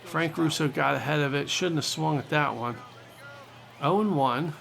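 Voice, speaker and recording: A man hosting a gaming channel, giving jokey, excitable play-by-play of his own baseball game. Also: a little high, normal speed, gravelly, a little hiss or hum. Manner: excitable, jokey, talks to viewers.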